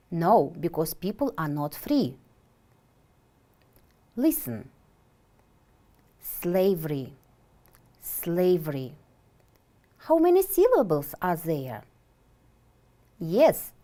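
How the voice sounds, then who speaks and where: Slow, lively-voiced woman teaching English. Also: fairly low pitch. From Kyrgyzstan. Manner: slow, deliberate, clearly enunciated; asks questions and answers them herself. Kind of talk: televised vocabulary lesson.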